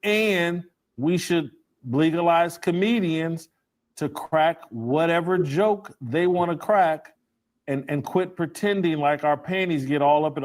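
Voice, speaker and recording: A man's voice: a little high, slow pace. A man giving opinionated commentary and firing off rhetorical questions.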